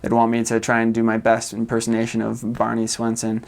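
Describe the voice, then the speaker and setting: A man's voice: mid-range voice, monotone, a little fast, gravelly. Rambling young man. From United States. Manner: loose and rambling, many fillers and soft laughs. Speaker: vlogger. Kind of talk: casual chat.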